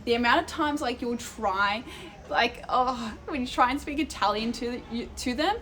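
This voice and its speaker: Animated young Australian woman streamer. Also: on the high side, normal speed, a little hiss or hum. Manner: animated storytelling with swearing. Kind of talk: casual live-stream chat.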